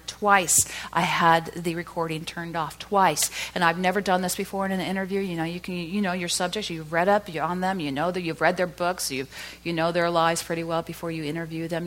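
A middle-aged woman preaching a sermon, telling a story and rising to loud, emphatic peaks. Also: lowish voice.

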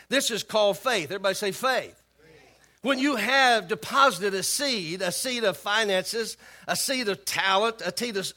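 A male pastor preaching a sermon, calling on the congregation to respond and repeating key phrases. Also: high voice. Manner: animated, acts out voices of worried believers.

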